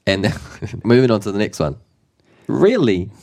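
A man with a New Zealand accent teaching te reo Māori in a casual, playful lesson, mixing Māori and English with lively exclamations. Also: fairly low pitch, normal speed.

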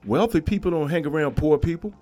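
Brief: middle-aged man with a slightly high voice, blunt and preachy solo podcast rant. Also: quick pace, dark tone, soft background music. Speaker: podcast host. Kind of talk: ranting solo podcast monologue.

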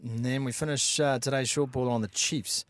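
A man with a New Zealand accent, co-hosting a casual rugby podcast and giving animated, opinionated analysis. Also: medium pitch, moderate pace, no room sound. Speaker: podcast co-host.

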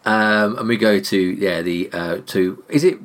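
A man's voice: lowish voice, unhurried. A man hosting a casual film podcast, rambling and hesitant, often ending points with tag questions. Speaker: podcast host. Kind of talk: casual chat.

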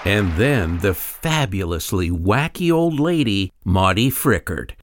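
A man narrating a documentary in a polished, expressive scripted delivery. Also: fairly low pitch, slow pace, some chatter behind.

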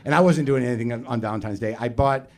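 A man's voice: medium pitch, fast. A man hosting a live show, telling a meandering, self-deprecating, profane stand-up story on a theater stage into a stage microphone. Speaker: podcast host doing stand-up.

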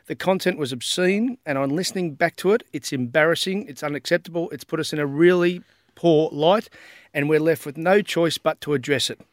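A high-voiced man hosts a podcast with cheeky, profane banter. He slips into a mock-formal delivery. The recording is dry and close. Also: brisk, no room sound. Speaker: podcast co-host.

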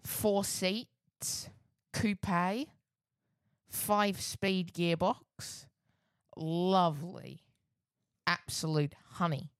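A man's voice: sits high, fairly even intonation, drawn-out words, pauses often, clear, resonant tone, no room sound. A man, co-hosting a casual podcast, with a dry and laid-back delivery. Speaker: podcast co-host.

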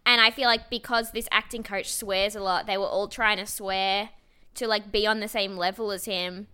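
A woman's voice: medium pitch, moderate pace, clean tone. A young Australian woman co-hosting a podcast over a video call, telling rambling stories and acting out the people in them. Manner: animated, rambling storyteller who acts out quotes. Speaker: podcast co-host. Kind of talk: casual chat.

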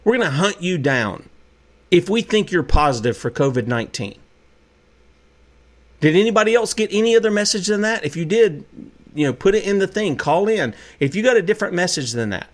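A man's voice: high-pitched, lively intonation, fairly quick. A man hosting a call-in talk radio show, speaking in an impassioned, preachy way and firing off rhetorical questions.

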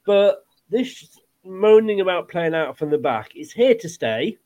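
A man hosting a casual football podcast, chatty and quick to laugh. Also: sits high, big pitch swings, mellow, dull audio. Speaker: podcast host.

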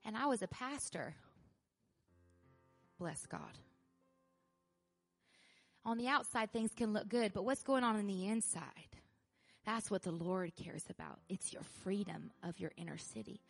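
A woman pastor preaching a sermon in an animated way, laughing often, repeating phrases and building to loud emphasis. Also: medium pitch, measured pace, creaky, long pauses, soft background music.

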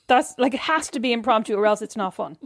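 A woman in her thirties co-hosting a podcast, teasing her co-host with quick comebacks in casual chat. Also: a little high, vocal fry, dry recording, clean studio sound.

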